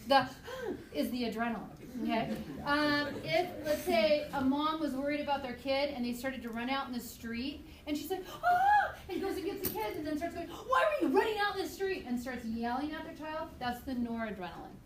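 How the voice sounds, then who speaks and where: A woman teaching a high school biology class, chatty and lively, acting out examples for her students. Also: a little fast, hardly any pauses, a crowd in the background. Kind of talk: classroom lecture. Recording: echoey classroom from far off, noisy.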